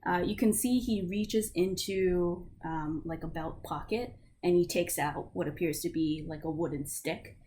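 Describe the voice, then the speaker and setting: A woman's voice: fairly low pitch, steady tone, unhurried, hardly any pauses, dark tone, slight background noise. A woman narrating a tabletop game as game master in a casual, loose way, with lots of fillers.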